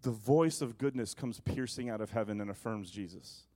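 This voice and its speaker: A male pastor preaching a sermon to his congregation, moving between emphatic proclamation and quiet, joking asides. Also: normal speed. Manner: preaching, shifting from booming to hushed asides.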